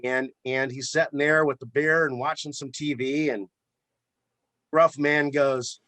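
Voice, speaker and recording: A man who runs a flower shop, telling a story in a relaxed interview with plenty of repeated words. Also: medium pitch, a little slow, no echo. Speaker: florist and shop owner. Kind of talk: casual storytelling in a podcast interview.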